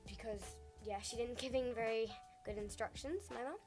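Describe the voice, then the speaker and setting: A teenage girl tells a casual storytime in a slightly high voice. She rambles and leans on "like" between every clause. Soft music plays faintly underneath. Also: normal speed. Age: teens. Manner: rambling, full of "like" fillers. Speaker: vlogger.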